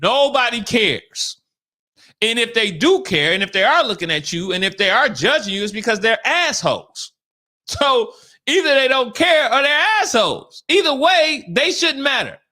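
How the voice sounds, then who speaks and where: A man co-hosting a podcast, telling a story in casual chat, animated and laughing, often stammering and restarting his sentences. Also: very high voice, moderate pace. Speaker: podcast co-host.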